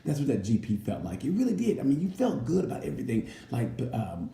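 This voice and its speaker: A man's voice: medium pitch, wildly swooping pitch, fast talker, gravelly, warm tone. A man in casual chat about a motorcycle race, rambling and jokey, sometimes slipping into playful impressions. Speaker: racing commentator. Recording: roomy with faint background noise.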